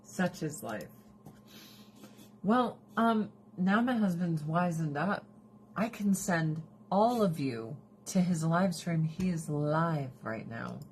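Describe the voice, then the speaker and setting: A woman hosting a casual livestream, talking in a lowish voice with blunt, profane candor and frequent laughter. A faint hiss of noise sits under her speech. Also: expressive, slow pace, a little mellow. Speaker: livestream host.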